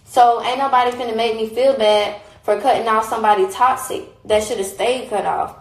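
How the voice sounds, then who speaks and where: A young woman rants on a phone livestream, heated, blunt and repetitive, swearing often. Her voice sits on the high side with fairly even intonation and a fairly quick pace, and the recording is rough and reverberant.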